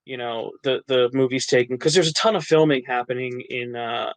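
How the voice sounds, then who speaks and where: A man's voice: medium pitch, fairly even intonation, brisk, dry recording, low-quality recording. A man from New Jersey, an actor and writer, chatting as a podcast guest, laughing often and restarting his sentences. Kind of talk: casual interview chat.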